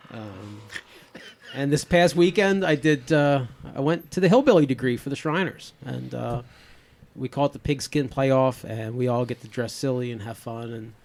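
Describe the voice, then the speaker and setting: Here a man in his fifties hosts a podcast, talking loosely and often restarting or filling gaps with "um"s. He speaks at a normal pace in a medium-pitched, somewhat dark voice.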